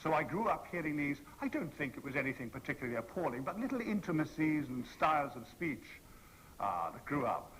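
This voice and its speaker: A man in his sixties holds a convention audience with a rambling anecdote, his bright, ringing voice leaping up and down as he acts out each person he quotes. He speaks into a stage microphone in a hall with a faint hum of noise behind him. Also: medium pitch. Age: 60s. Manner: theatrical, playful, acts out the people he quotes. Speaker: convention panel guest.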